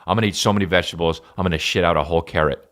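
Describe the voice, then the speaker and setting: A man hosting a podcast, riffing in a rambling, profane comic style with sudden loud jumps. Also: low-pitched, fairly even intonation, very fast. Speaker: podcast host and stand-up comedian. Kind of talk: casual solo podcast rant.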